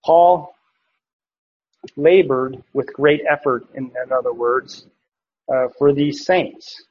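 A man's voice: mid-range voice, slow, slight background noise. A man preaching, teaching a passage verse by verse, with frequent fillers and restarts. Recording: dull lo-fi recording.

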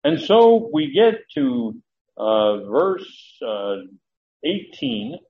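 A man's voice: mid-range voice, sing-song, very slow, vocal fry, muffled recording. A man teaching a Bible study, explaining Greek words and acting out the quoted dialogue, with some restarts and fillers as he checks his notes.

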